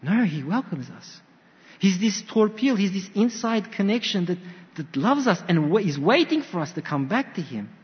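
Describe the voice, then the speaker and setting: A man delivers a sermon with a lively, swooping delivery, acting out little stories as he goes. His voice sits a bit high for a man. The sound is dull and lo-fi, ringing with long reverb as if in a large hall. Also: moderate pace. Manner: animated storytelling with acted quotes. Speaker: preacher.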